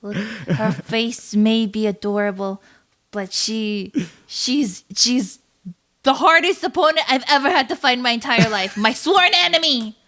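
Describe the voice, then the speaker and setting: A woman's voice: on the high side, a little slow, fairly bright tone. A woman guest, a VTuber, chatting playfully in an interview and laughing often. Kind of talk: casual interview chat.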